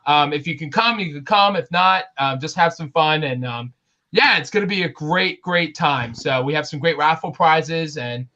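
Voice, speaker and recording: A man's voice: a little high, bright, forceful tone. Earnest male guest, dull lo-fi sound. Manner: earnest, promotional, many "um" pauses. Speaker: guest, autism advocate. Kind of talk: casual interview chat.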